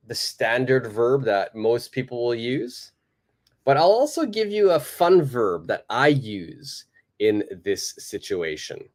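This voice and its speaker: A man teaching a live online English lesson, patiently repeating example sentences in a clear, careful way. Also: mid-range voice.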